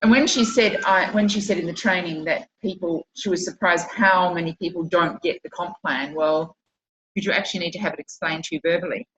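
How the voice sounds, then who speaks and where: A woman's voice: fairly low pitch, steady tone, a little fast, a bit bright, roomy sound, a little hiss or hum, low-quality recording. A woman with an Australian accent chatting on a video call, explaining at length and with emphasis. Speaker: business team member on a video call. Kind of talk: casual video-call chat.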